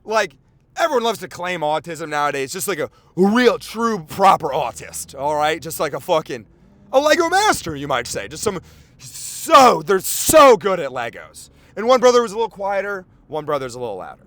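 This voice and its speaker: A man hosting a podcast, rambling in casual chat with lots of swearing, fillers and excitable outbursts. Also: a little high, normal speed, no echo. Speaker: podcast host.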